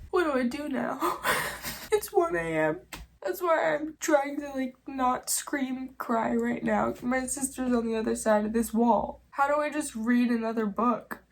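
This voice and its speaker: High-voiced young woman vlogging, slow and chatty. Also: gravelly. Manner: emotional, laughing through tears; chatty, self-mocking. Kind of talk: casual vlog chat.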